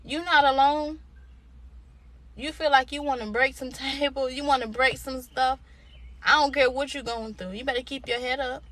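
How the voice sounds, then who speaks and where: A woman's voice: sits high, fairly even intonation, moderate pace, fairly bright tone. A young adult woman speaking to camera as a motivational speaker. She talks in an informal, colloquial way and repeats her lines like a preacher exhorting a crowd. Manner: emphatic, repetitive, preacher-like exhortation. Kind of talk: inspirational direct-to-camera talk.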